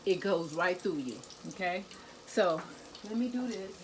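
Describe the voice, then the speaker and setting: A woman's voice: on the low side, expressive, a little slow, noisy background. Chatty woman cooking on camera. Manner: chatty, talks to viewers as "y'all" and "guys". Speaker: cooking vlogger. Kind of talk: casual kitchen vlog. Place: home kitchen.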